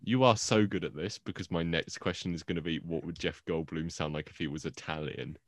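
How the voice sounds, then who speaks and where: Deep-voiced young man hosting a podcast. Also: no echo, studio quality. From England. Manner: enthusiastic, quick to laugh. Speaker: podcast host. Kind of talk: casual podcast chat.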